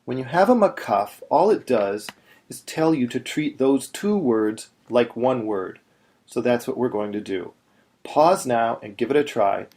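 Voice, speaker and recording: A man teaching Torah chanting in a video lesson, explaining step by step and chanting slow demonstrations. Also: medium pitch, animated, darkish tone.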